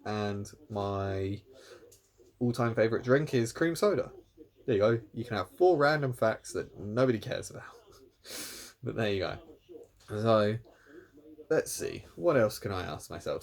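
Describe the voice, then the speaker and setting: Man, lowish voice, rambling solo vlog chat, self-mocking. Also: expressive, unhurried, creaky, long pauses. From England. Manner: rambling, self-deprecating, laughs at himself. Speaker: YouTuber.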